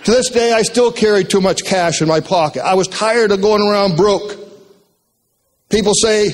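Older man, high-pitched, folksy joking storyteller, motivational talk. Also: moderate pace, a little hiss or hum. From Maine. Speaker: retired speaker telling life stories.

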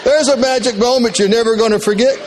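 An older man with a fairly high voice tells life stories in a folksy, joking way. He is a retired speaker from Maine, animated as he works through his anecdotes. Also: fast, over a noisy crowd, heavy background noise. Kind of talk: motivational storytelling talk.

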